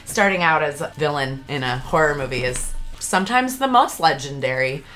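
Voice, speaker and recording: A woman in her forties, a podcast guest, telling friendly stories in a relaxed way. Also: low voice, moderate pace, faint music behind. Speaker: guest, radio host. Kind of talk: casual chat.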